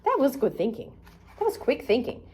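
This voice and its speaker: A woman's voice: a little high, wildly swooping pitch, fairly quick, warm tone, slightly rough. A woman hosting a children's arts and crafts show, reading a storybook aloud in a playful, sing-song way and talking to the kids directly.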